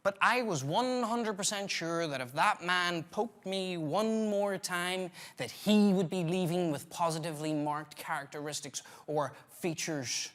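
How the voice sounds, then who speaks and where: A man's voice: high voice, unhurried, few pauses, fairly bright tone. A man performing a comic solo theatre monologue, telling a wry story with punchlines.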